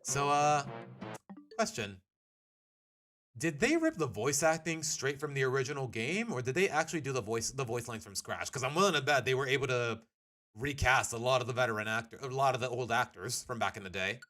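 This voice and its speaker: A man's voice: mid-range voice, expressive, a little fast, bright, forceful tone. A man commentating casually while streaming a game, chatty and rambling with restarts. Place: home. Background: game music.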